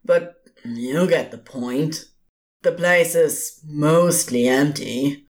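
A man voicing a bored, gleeful male ghost in a fan audio drama, slow and teasing. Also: a little high. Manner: flippant, teasing. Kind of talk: podfic voice acting.

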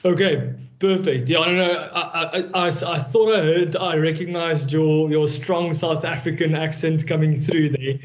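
Relaxed male co-host on a call. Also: a little high, normal speed, few pauses. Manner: relaxed, hesitant with fillers. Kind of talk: casual hosted chat. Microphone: video call. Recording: muffled video call audio.

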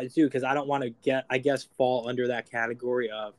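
Laid-back slangy man, mid-pitched voice. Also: level tone, a little fast. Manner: laid-back, slangy, lots of "bro" and "you know". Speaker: podcast co-host. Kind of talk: casual podcast chat.

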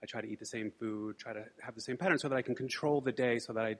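A man quietly voicing a young, scared, sad female college student, speaking softly and hesitantly. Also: mid-range voice, fast talker, close to an everyday voice. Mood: uneasy.

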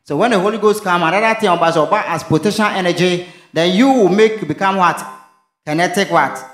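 Man, pastor, call-and-response sermon, fairly high voice, echoey church with soft music. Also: fairly quick. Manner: asks questions for the congregation to finish, mixes in local language.

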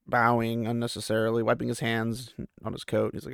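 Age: adult. Sex: man. Role: podcast host. Style: casual, rambling book recap with lots of fillers. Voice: mid-pitched, gravelly. Sound: dry. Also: completely flat delivery, fairly quick, dry recording. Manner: rambling and chatty, with many fillers.

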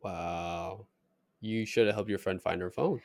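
A man's voice: deep voice, measured pace, creaky, a little mellow. A young man co-hosting a casual podcast, cutting in with slangy jokes and teasing remarks. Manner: joking, teasing interjections, slangy. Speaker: podcast co-host. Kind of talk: casual chat.

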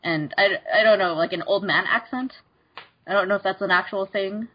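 A woman's voice: medium pitch, fairly quick, slightly rough. A woman on a casual podcast panel, talking hesitantly with many restarts. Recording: dull lo-fi sound.

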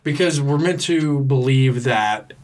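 A man co-hosting a casual film podcast, speaking at a middling pitch. He explains things in loose, rambling sentences and restarts often. He is recorded on a podcast mic. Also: slow pace, slight background noise. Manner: explains with many likes and restarts. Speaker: podcast co-host. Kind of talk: casual movie chat.

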